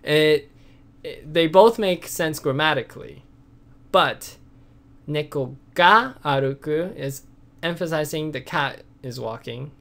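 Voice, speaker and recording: A man's voice: fairly high pitch, slow, vocal fry, a bit bright. A man teaching a casual video lesson, explaining patiently with many fillers, restarts and repetitions. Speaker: language teacher.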